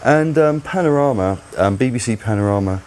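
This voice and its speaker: A man's voice: mid-range voice, expressive, fairly quick, darkish tone, slight background noise. A man hosting his own channel, delivering a rambling, mocking solo commentary. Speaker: channel host.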